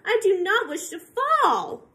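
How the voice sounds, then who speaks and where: A woman voicing a fretful, scolding pet fish in a storybook read-aloud, with high-pitched, alarmed pleading. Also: very animated, slow pace, rough recording. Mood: panicked.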